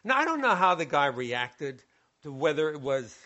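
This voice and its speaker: A man's voice: fairly high pitch, normal speed, highs cut off. A male preacher giving a sermon, retelling a scripture story and acting out its scenes. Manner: storytelling, acts out scenes, animated.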